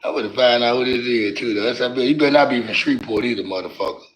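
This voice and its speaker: A man's voice: medium pitch, fast talker, poor audio. A man hosting a casual livestream, joking and trash-talking viewers in the chat with heavy cursing. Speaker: livestream host.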